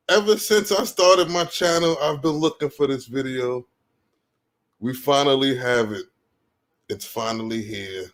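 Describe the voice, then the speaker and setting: Man, somewhat high voice, casual stream host, laid-back chat. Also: measured pace.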